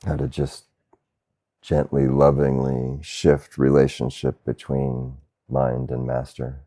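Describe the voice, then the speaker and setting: Male spiritual teacher, satsang talk: very low, gravelly voice, unhurried gentle delivery with soft laughs. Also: completely flat delivery. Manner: slow, gentle, with soft laughs and questioning "huh?". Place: Asheville, North Carolina.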